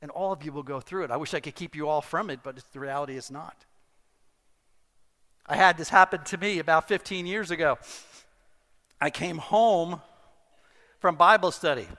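A middle-aged male pastor preaching a sermon, telling a personal story with animated, self-deprecating humor. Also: a little high, normal speed, long pauses. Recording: long hall reverb.

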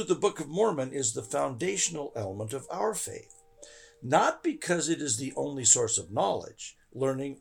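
A man's voice: medium pitch, gravelly, slightly rough. A man hosting a scripture study podcast, speaking in an earnest, devotional way. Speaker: podcast host.

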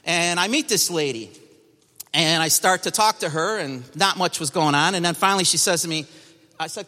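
Brief: man sharing his testimony to a congregation, emphatic and bright-toned, long hall reverb. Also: fairly high pitch, brisk. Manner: emphatic, storytelling. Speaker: church testimony speaker.

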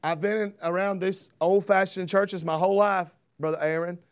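A man's voice: high voice, fairly even intonation, normal speed, smooth. A man preaching a sermon in a folksy, fervent manner. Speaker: pastor.

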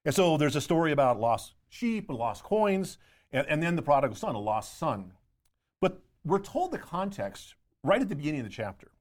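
A man's voice: a little high, sing-song, moderate pace. A man co-hosting a Bible study discussion, reading scripture aloud and explaining it verse by verse. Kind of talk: teaching discussion.

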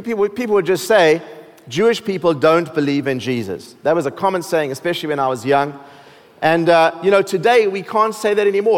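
A man from South Africa with a South African accent, preaching a sermon as pastor in a joking, easygoing way. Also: a little high. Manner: joking, with laughs and restarts. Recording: long hall reverb.

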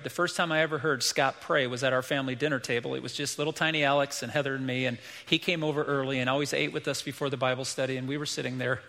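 A man's voice: mid-range voice, vocal fry, pushed and bright, big-room sound. A middle-aged man preaching a sermon as pastor, emphatic and repeating key lines, acting out quoted voices.

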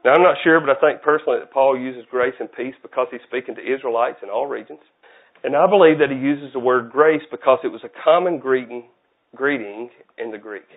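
A man with a medium-pitched voice preaches a casual, conversational sermon in church, talking a little fast. He's folksy and self-deprecating, and the audio sounds tinny, like a phone.

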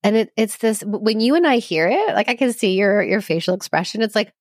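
A woman's voice: medium pitch, lively intonation, a little fast, no room sound, studio quality. A woman psychologist guest on a podcast, explaining in an earnest, reassuring way with everyday examples. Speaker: psychologist and couples therapist guest. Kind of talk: conversational podcast interview.

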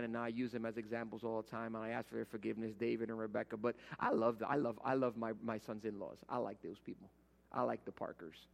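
A middle-aged man from Rico, preaching a sermon as pastor and telling stories, swinging from loud to hushed and repeating words. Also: medium pitch. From Puerto Rico. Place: church sanctuary. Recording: long reverb of a church hall.

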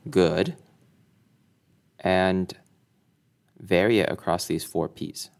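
Slow, deep, gravelly-voiced man teaching. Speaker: instructor. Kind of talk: scripted explanatory lesson.

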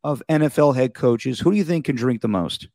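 A man's voice: medium pitch, fairly quick, a little mellow, no echo, clean studio sound. A man co-hosting a podcast in casual sports chat, jokey and prone to silly impressions. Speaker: podcast co-host.

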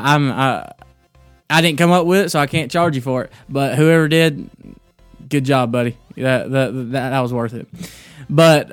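Man with a drawl, smooth voice, casual devotional talk, stop-start delivery, dry close mic, faint music under it. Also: mid-range voice, dry recording. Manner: halting, with many restarts, telling a joke before the devotional. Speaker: podcast host.

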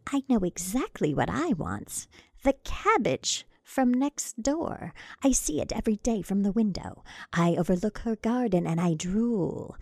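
A woman voicing an impatient, heavily pregnant young wife who makes shrill, demanding outbursts. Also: no echo, clean studio sound.

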